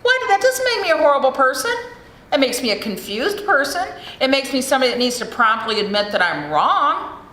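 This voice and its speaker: A woman's voice: sits high, big pitch swings, brisk, fairly bright tone. A middle-aged American woman giving a frank, profane recovery talk at a meeting, speaking into a podium mic in a large hall. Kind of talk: recovery share speech. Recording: echoey hall with faint room noise.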